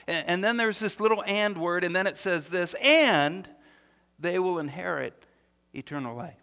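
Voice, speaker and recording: A man preaching a sermon, animated, often repeating his words and acting out the quotes he tells. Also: sits high, normal speed, vocal fry, long reverb tail. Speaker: pastor.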